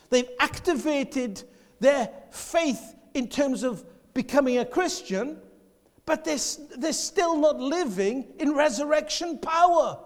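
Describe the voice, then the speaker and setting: Man, preacher, fervent sermon, swings from soft to shouting, very high voice, echoing hall. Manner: passionate, swings between quiet and shouting. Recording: long hall reverb.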